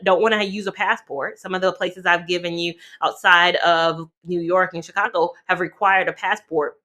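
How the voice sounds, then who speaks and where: A woman from North Carolina chatting casually to camera as a travel vlogger, animated and talking straight to her viewers. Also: lowish voice. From North Carolina, USA.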